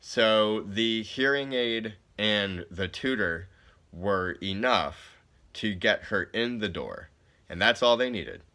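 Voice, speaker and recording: A man's voice: fairly low pitch, lively intonation, takes it slowly, bright, forceful tone. A man giving a recorded case review, reading legal definitions aloud and explaining them in a casual, plain way with many fillers.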